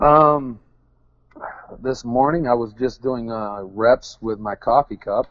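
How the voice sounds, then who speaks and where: A man's voice: medium pitch, takes it slowly, a bit bright, no echo, lo-fi sound. A man chatting casually as an interview guest, rambling and joking at his own expense. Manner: rambling, self-deprecating, joking.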